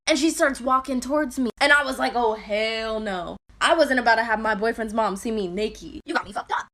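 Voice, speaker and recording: A woman's voice: high voice, pushed and bright. A young woman telling a brash, profane, jokey storytime in a casual monologue.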